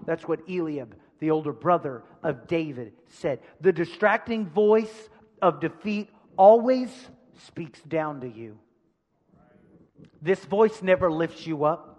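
Male pastor, sermon, emphatic, repeats himself, high voice, long church reverb. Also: animated, takes it slowly, darkish tone, highs cut off. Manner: emphatic, repeats phrases, questions the congregation. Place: church sanctuary.

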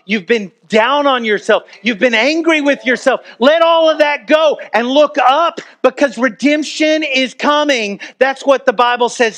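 A man, a pastor preaching a sermon and telling a story with animated emphasis. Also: sits high.

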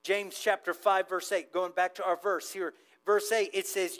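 A male pastor preaching a sermon, moving between hushed asides and loud emphatic build-ups. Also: high voice, fairly even intonation, unhurried, rough recording.

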